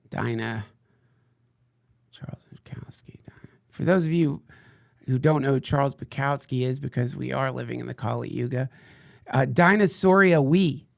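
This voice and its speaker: A man's voice: mid-range voice, creaky, dry recording, clean studio sound. A man hosting a podcast in casual chat, loose and meandering with playful jokes. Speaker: podcast host.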